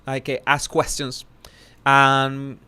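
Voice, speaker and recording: A man hosting a casual live commentary, talking haltingly with many restarts and self-corrections. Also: mid-range voice, completely flat delivery, sharp tone, clean tone. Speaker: social commentary host.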